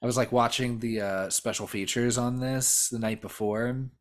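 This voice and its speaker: This man speaks in a mid-range voice with a steady tone and moderate pace. Co-hosting a podcast, he has a loose conversation about a horror movie, full of fillers, false starts and profanity.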